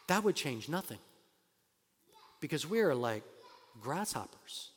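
A man preaching from the pulpit with a slightly raised voice, building to loud emphatic declarations and then dropping to quiet asides. He talks conversationally, with fillers and restarts. His voice carries a long reverb from a large hall. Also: on the high side, big pitch swings, unhurried, long pauses, breathy edge. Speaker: pastor. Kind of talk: sermon.

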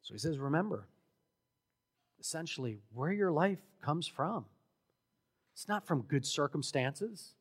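Slow, emphatic preacher in a reverberant hall. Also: male voice, a little high, animated, husky. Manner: emphatic, rising to loud exhortation. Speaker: pastor. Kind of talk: sermon.

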